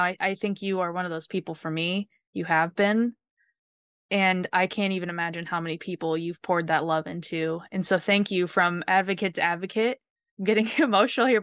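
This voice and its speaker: A woman hosts a podcast in an earnest, heartfelt way, often restarting her sentences as she goes. Her voice is smooth and clear, recorded close and dry with no room sound. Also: on the low side, a bit bright, no room sound. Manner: earnest, emotional, many restarts. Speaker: podcast host.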